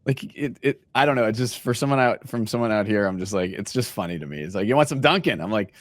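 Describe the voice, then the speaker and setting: A man's voice: on the low side, fast, no echo, clean studio sound. A man hosting an interview, joking around and laughing often as he asks questions. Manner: jokey, animated, laughs often. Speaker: interviewer, host. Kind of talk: casual interview chat.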